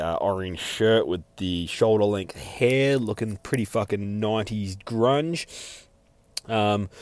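Low-voiced profane comic review guy. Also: smooth, no room sound. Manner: rambling, heavily profane, lots of fillers; acts out character quotes. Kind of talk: casual comic review chat.

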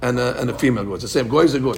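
A man teaching a lively Talmud class, quick and animated, acting out the story's voices. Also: mid-range voice, vocal fry.

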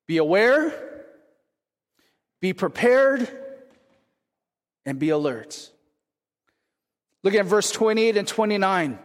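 High-voiced male pastor in a reverberant hall. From California. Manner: conversational preaching, frequent "right?" to the congregation. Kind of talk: sermon.

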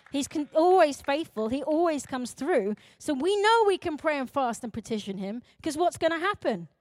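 A young adult woman pastor, preaching emphatically, swinging between loud urgent calls and quiet intense moments. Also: high-pitched, no room sound, clean studio sound. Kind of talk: sermon.

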